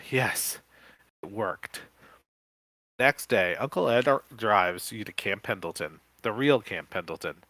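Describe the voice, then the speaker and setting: A man co-hosting a podcast, reading an interactive horror book aloud live with quick self-corrections. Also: lowish voice, pushed and bright, no room sound. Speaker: podcast co-host.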